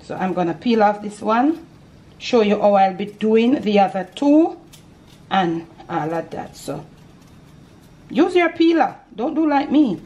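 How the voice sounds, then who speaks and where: A woman's voice: mid-range voice, expressive, unhurried, dark tone, highs cut off. An older woman with a Jamaican accent hosts a home cooking demonstration, chatty and homely, explaining each step as she works in her kitchen. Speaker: cooking show host.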